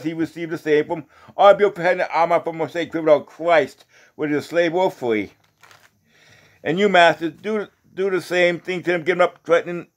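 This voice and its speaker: Man, lay preacher, slightly high voice, halting scripture reading, repeated words, informal asides. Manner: casual and rambling when talking off the text, often asks "you know?". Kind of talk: reading scripture aloud, then informal testimony.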